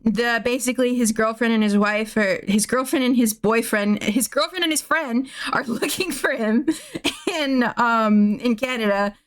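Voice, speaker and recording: Woman streamer, smooth clear voice, rambling swear-laden recap, chuckles at her own jokes. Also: on the high side. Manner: rambling, laughing at own jokes, frequent restarts, swears casually. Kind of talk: casual movie recap.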